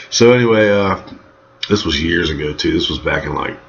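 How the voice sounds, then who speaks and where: A man's voice: low-pitched, unhurried, creaky, a little hiss or hum. A man in his thirties telling a rambling, profane story from his own life in a casual monologue. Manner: profane, rambling, animated in quoted lines. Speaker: vlogger telling a personal story. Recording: dull lo-fi sound.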